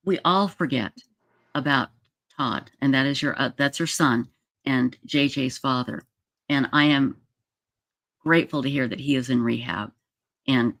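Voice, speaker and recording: A livestream host chatting casually and reading viewer comments aloud, emotional and halting, with many fillers. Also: mid-range voice, creaky, fairly bright tone, dry recording, studio quality.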